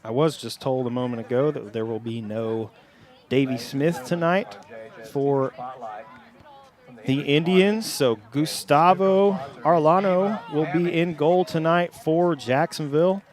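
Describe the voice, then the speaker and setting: A young man hosting a live soccer broadcast from a stadium press box, with a steady, friendly announcer delivery. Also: fairly high pitch, unhurried. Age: young adult. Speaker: play-by-play host. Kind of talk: sports broadcast commentary.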